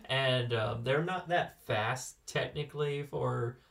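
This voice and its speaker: A man's voice: medium pitch, slow pace, vocal fry, a bit bright, far from the mic. A man from California co-hosting a casual podcast and sharing animal facts with dry humor, now and then correcting himself. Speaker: co-host.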